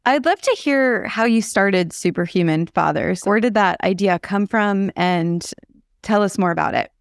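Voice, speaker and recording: A woman's voice: mid-range voice, moderate pace, creaky, no room sound, studio quality. A woman hosting a podcast interview, encouraging and conversational. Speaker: podcast host. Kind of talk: interview talk.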